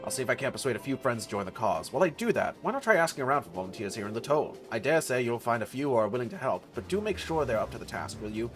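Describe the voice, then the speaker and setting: Give me a man doing a polite, formal guild official, quick and plainly voiced, reading out fantasy game lines. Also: mid-range voice, big pitch swings, over music, lightly acted. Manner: measured, formal, courteous. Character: steady official of an adventurers' guild.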